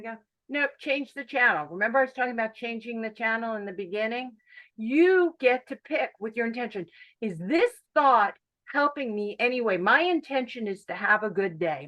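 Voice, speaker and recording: A woman guides an online mindfulness workshop with a bright, forceful tone that sits a little high. She is animated and emphatic, and she drives her main points home by repeating them. Her voice comes through a video call. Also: low-quality recording. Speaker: workshop instructor.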